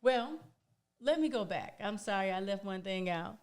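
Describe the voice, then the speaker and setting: A woman's voice: medium pitch, lively intonation, normal speed. A woman entrepreneur, a guest on a podcast, telling her story animatedly and acting out quoted dialogue.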